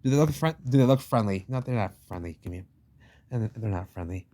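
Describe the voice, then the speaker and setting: A man's voice: fairly low pitch, animated, brisk, warm tone. A man giving a rambling, emphatic commentary over book pictures, repeating himself, swearing casually and using slangy asides. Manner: slangy, addresses listener as "baby". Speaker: channel host.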